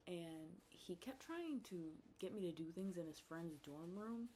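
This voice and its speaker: A woman's voice: fairly low pitch, lively intonation, a little slow, dark tone, slight background noise. A young woman telling a storytime rant about dating in a casual vlog, blunt and profane, trailing off into mutters and then flaring into exasperated outbursts. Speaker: vlogger.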